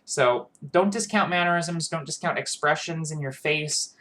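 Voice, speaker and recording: A man's voice: fairly high pitch, moderate pace, sharp tone. Earnest man giving role-play tips. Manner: earnest, with frequent fillers and restarts. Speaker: tabletop role-playing video host. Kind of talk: casual advice monologue.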